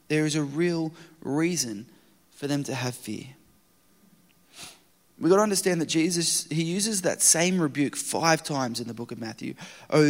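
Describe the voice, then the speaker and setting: A man preaching a sermon, swinging between loud urgent retelling and hushed quiet. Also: fairly high pitch. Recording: long hall reverb.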